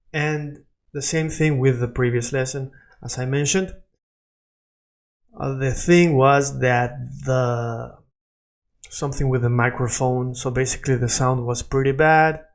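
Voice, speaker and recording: A man from Latin America teaching Spanish pronunciation in an improvised lesson, drawing out and repeating sounds so the learner can copy them. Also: mid-range voice.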